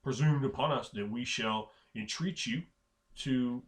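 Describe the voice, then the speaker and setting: A man's voice: mid-range voice, unhurried, lightly acted. A man voicing a pompous male orc leader who pleads in formal, old-fashioned speech. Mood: solemn pleading. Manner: archaic, stately pleading speech.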